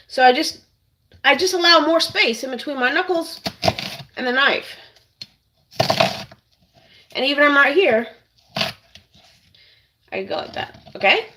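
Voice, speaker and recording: A woman's voice: a little high, animated, moderate pace, long pauses, bright, forceful tone, a little hiss or hum, rough recording. A woman hosting a casual cooking demonstration in a kitchen, chatting to viewers as she works. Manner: chatty, keeps addressing viewers as "you guys". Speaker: cooking channel host.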